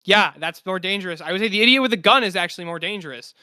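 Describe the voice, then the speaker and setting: A man's voice: high-pitched, rapid-fire, bright, forceful tone, clear, resonant tone, no echo, studio quality. A man on a streamed panel, arguing his points in casual debate and often restarting his sentences. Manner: hesitant, restarts before making his point. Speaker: panel guest.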